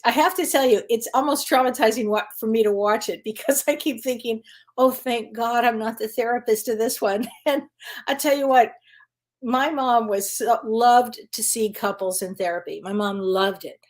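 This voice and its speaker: A woman's voice: a little high, moderate pace. A woman, a spiritual medium and psychotherapist, hosting a casual live Q&A stream. She chats easily, greets viewers by name and laughs often. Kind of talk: casual livestream chat.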